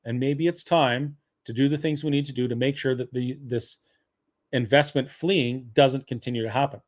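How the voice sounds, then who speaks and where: A man's voice: medium pitch, steady tone, moderate pace. Argumentative man making a political case. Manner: argumentative, rebutting, with frequent fillers and restarts. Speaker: webinar host. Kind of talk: persuasive political talk.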